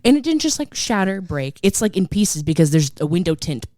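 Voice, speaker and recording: A woman co-hosting a podcast, telling a story in a rambling, animated way full of fillers. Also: fairly low pitch, fairly quick, no echo, clean studio sound. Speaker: podcast co-host. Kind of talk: casual storytelling chat.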